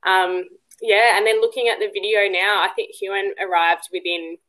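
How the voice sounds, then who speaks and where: A woman's voice: medium pitch, level tone, normal speed, fairly bright tone, poor audio. A woman guest on a podcast, telling a personal story casually, with many ums and restarts. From Western Australia. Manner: chatty, full of ums and restarts; acts out quoted dialogue in a livelier voice.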